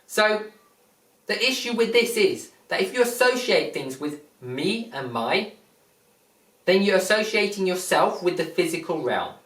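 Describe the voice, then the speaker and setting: A man giving a slow, repetitive spiritual talk, explaining and asking rhetorical questions. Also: sits high, very animated, a bit bright. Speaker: spiritual teacher. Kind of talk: teaching monologue. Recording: roomy, distant mic.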